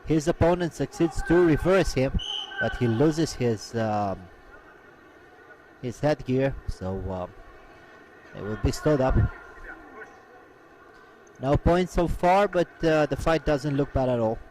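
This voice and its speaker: A man commenting live on a combat sports event, with a halting delivery full of "uh" fillers. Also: mid-range voice, darkish tone, a little hiss or hum, low-quality recording.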